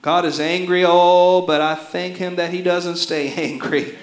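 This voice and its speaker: A man preaching a sermon, swinging from shouts to hushed words. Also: high-pitched, fairly even intonation, a little slow, roomy sound. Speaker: pastor.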